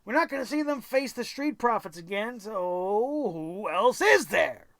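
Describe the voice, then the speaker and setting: A wrestling recap host speaks at a middle pitch in a dry, close sound. The voice is sarcastic and exasperated. It swears freely and keeps firing off incredulous rhetorical questions. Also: expressive, measured pace, a bit bright, dry recording. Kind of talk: ranting wrestling recap commentary.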